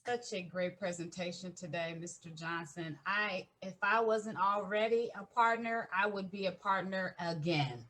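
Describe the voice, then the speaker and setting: A woman's voice: fairly low pitch, fairly bright tone. A woman calling into a conference call, gushing with praise. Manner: gushing, slow. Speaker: caller. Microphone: conference call line.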